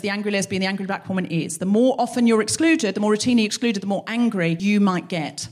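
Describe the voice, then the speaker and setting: A woman hosting a live comedy podcast on stage, talking straight to the crowd, swearing a lot and acting out both sides of a row herself. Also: mid-range voice. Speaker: podcast host. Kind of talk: live stand-up monologue. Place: concert hall in front of a live audience.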